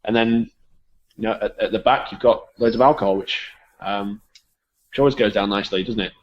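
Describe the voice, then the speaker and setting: A low-voiced English man talks beer in an easygoing, rambling way, his phrases often fading out quietly. The sound is dull and a little lo-fi. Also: fairly quick. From England. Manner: relaxed, rambling, trails off softly. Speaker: guest from a beer shop. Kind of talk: casual chat.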